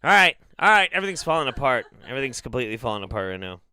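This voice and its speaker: A man's voice: mid-range voice, very animated, rapid-fire, sharp tone, smooth. A man hosting a casual livestream, sarcastic, swearing and laughing often. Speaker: host.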